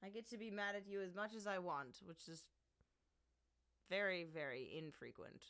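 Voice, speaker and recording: A woman streamer chatting casually at home, playfully scolding her cat, with loud outbursts and low mutters. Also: expressive, normal speed. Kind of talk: casual live-stream chat.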